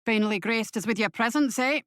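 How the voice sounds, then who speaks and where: A woman's voice: a little high, brisk, no echo, studio quality, lightly acted. A woman voicing a blunt, wary Scottish man who talks in a sardonic way.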